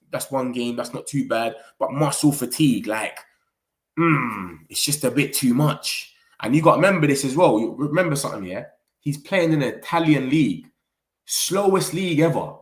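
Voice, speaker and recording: A young man with a British English accent in a casual, animated chat as a football vlogger, full of slang and quick asides. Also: mid-range voice.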